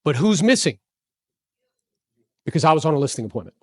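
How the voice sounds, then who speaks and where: A man in his forties giving an energetic motivational talk to a live audience, telling stories and asking the crowd questions. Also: fairly high pitch, brisk, no room sound, studio quality. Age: 40s. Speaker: real estate speaker.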